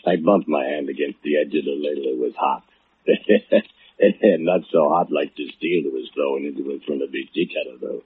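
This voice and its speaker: A gloating foundry laborer. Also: male voice, extremely low pitch, normal speed, husky, no echo. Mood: brooding. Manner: broken English, gloating, chuckling menace. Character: brooding immigrant foundry laborer, sly, boastful killer. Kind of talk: old-time radio drama. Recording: tinny lo-fi old radio broadcast.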